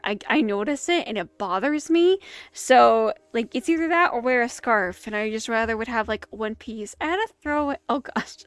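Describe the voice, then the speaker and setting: Chatting casually during a streamed movie watch-along, a woman with a high voice wanders into asides and cuts herself off mid-thought. The live commentary comes through her streaming setup in a dry recording.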